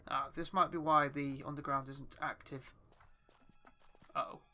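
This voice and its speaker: A man's voice: a little high, level tone, a little slow, sharp tone. A young man casually commenting while playing a game, chatty, swearing often and talking to himself. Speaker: gaming YouTuber. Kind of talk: casual let's play commentary.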